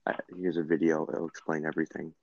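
Super deep raspy-fry guy, hesitant, dull dry mic. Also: little pitch movement, dry recording. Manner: halting, hesitant, trailing off. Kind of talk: casual chat on a call.

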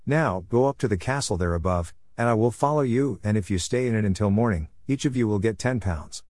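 A man's voice: fairly low pitch, brisk, darkish tone, no room sound, studio quality, close to an everyday voice. A man doing a commanding master of a house. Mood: businesslike.

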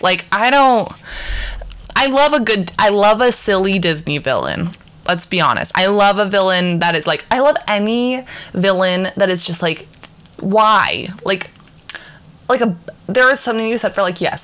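A woman's voice: lowish voice, a bit bright. A young woman hosting a podcast alone, chatting casually in a rambling, profane way with many fillers and restarts. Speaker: podcast co-host. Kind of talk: casual solo podcast chat.

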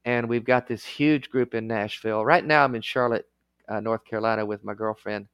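Male guest, former clergy. Smooth, clear tone, dry close sound; earnest, emotional, laughs through his words. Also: fairly low pitch, steady tone, brisk, a bit bright, no room sound. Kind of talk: candid conversational interview.

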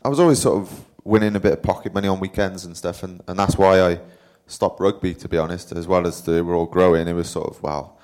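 A man's voice: low voice, steady tone, quick pace, hardly any pauses, a little mellow. A young man, a pro cyclist, telling stories in a rambling, self-deprecating way as a guest at a live talk. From Wales. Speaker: interview guest, professional cyclist. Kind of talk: casual storytelling at a live talk.

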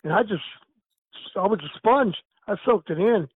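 A man's voice: sits high, normal speed, husky, no echo. An older man, a retired wrestler, telling stories in a casual chat over the phone. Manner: storytelling, animated. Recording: tinny phone line.

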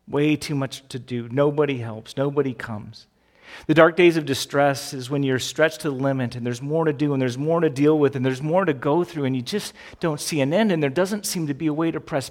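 A man's voice: mid-range voice, long reverb tail. Conversational man preaching a sermon. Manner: conversational, animated preaching with rhetorical questions. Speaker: pastor.

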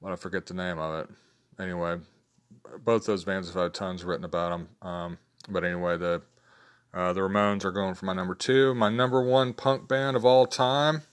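A man with a very low voice chats casually, ranking his favorites in a loose, rambling way. He is in his fifties and often restarts his sentences and fills pauses with ums. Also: steady tone, clear, resonant tone. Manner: rambling, low-key, many fillers and restarts. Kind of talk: casual spoken list of favorites.

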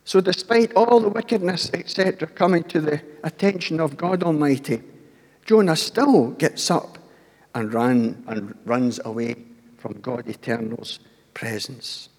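Older preacher, breathy voice. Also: male voice, on the high side, measured pace, a little mellow, in a large hall. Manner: storytelling, acts out voices, asks the congregation questions. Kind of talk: sermon.

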